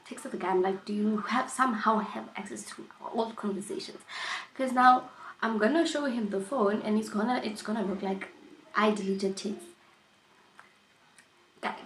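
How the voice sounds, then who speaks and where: A woman vlogger telling a personal story in a casual storytime chat, animated and emphatic, often repeating herself. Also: mid-range voice, roomy sound, slight background noise, poor audio.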